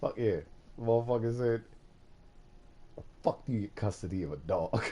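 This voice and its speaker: A man streaming, chatting casually about a movie in an animated, profane way, going from quiet to loud and laughing often. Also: lowish voice, normal speed, noisy background. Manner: laughs often while talking. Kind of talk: casual chat.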